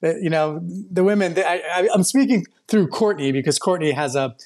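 Upbeat man, slightly high voice. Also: a little fast, a little mellow. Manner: upbeat, jokey. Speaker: podcast co-host. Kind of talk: casual podcast chat.

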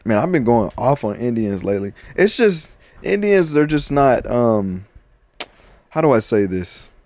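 A man's voice: medium pitch, measured pace. A man co-hosting a podcast, talking in loose, profane, joking banter. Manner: loud, joking, profane, animated. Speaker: podcast co-host.

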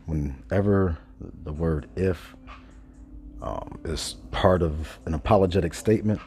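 A man hosting a casual monologue podcast, stoned, talking slowly and loosely with many pauses and self-corrections. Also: sits low, mellow. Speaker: podcast host. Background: faint background music.

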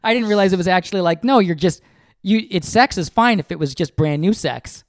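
A man's voice: high-pitched, brisk, dry recording. A man co-hosting a podcast with his wife, joking and swearing freely as he gets defensive on a close mic. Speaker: podcast co-host. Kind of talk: casual couple chat.

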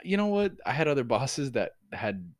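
A male podcast host telling stories with lots of swearing, his pitch swinging widely. The room sound is dry and close. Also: moderate pace, no room sound. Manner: animated, profane, laughing storyteller. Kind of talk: casual storytelling chat.

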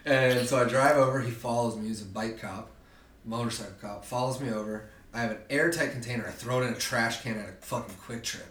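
A young man, a podcast guest, telling a story in an animated, profane way and acting out the other people in it. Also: mid-range voice, quick pace. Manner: profane, animated, acts out quoted voices. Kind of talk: casual storytelling. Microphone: distant from the mic. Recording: roomy, distant mic, faint background noise.

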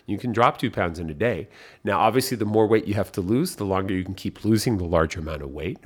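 A man's voice: lowish voice, lively intonation, fast talker, slightly rough. A man hosting a podcast, giving an upbeat motivational coaching talk and repeating his key phrases. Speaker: podcast host.

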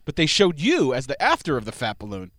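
A man's voice: mid-range voice, huge pitch swings, brisk, a bit bright, no room sound, studio quality. A man in casual chat, bantering in a joking, rambling way.

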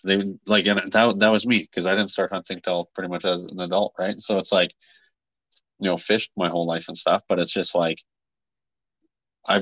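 A man hosting a podcast, talking in a relaxed, rambling way with many fillers. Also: low-pitched, dry recording, poor audio. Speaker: podcast host. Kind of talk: casual chat.

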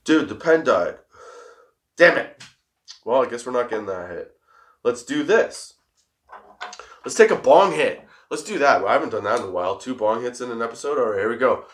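A laid-back young man talks in a loose, rambling way, giggling often and swearing freely. He is high, and it shows in his easy, meandering delivery as he hosts a casual stoner chat. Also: animated, normal speed, long pauses, fairly bright tone. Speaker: host.

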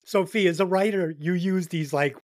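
A man with a high-pitched voice co-hosts a casual album review podcast, joking, swearing and imitating the voices he quotes. He speaks at normal speed, and the studio sound is clean with no echo.

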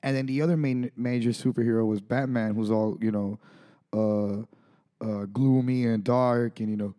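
A podcast co-host chats casually about a movie, rambling and making fun of himself, with many restarts. His mid-range voice is mellow and fairly even in intonation, at a normal speed.

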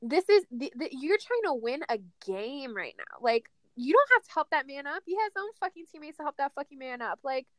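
A woman with a fairly high voice co-hosting a loose sports talk, swearing often and hammering her points home. Her voice sounds close and dry, with no room around it. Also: sing-song, fairly quick, hardly any pauses, a bit bright, no room sound. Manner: profane, emphatic, petty banter. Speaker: podcast co-host. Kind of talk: casual chat.

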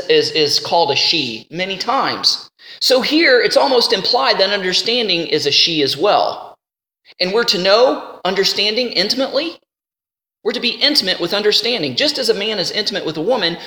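Guy preaching casually, bright tone, roomy hall echo. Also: high voice. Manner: animated, conversational teaching with slowed scripture reading. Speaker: Bible teacher. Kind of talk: sermon. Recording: roomy hall with long reverb.

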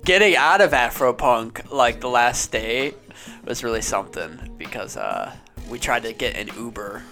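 A man's voice: mid-range voice, big pitch swings, normal speed, sharp tone, soft background music. A young man from Ohio, a podcast guest, telling stories in a laid-back, casual way and saying "dude" and "man" a lot. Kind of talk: casual chat.

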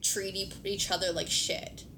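A woman's voice: flat delivery, measured pace, bright, forceful tone. A woman hosting a podcast, chatting casually with her partner, filling her speech with "like" and swearing now and then. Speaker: podcast host. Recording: noisy recording with low rumble.

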